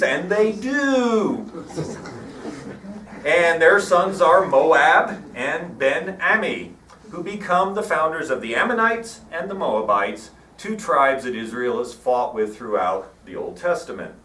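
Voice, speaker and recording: A man giving a sermon in a church, telling stories in an irreverent, wry, animated way. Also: on the high side, unhurried. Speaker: preacher. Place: church hall. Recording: echoey hall, mic at a distance.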